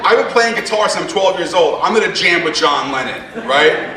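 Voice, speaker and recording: Performing stand-up on a theater stage for a live crowd, a man with a high, sharp, animated voice talks a little fast and brashly teases the audience through asides. The sound is distant and echoey, with laughter from the audience.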